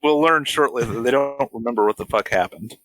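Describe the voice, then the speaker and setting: A man's voice: mid-range voice, fairly quick, fairly bright tone, no echo, rough recording. A man co-hosting a podcast who drops sarcastic, profane quips while recapping a film. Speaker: podcast co-host. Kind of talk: casual chat.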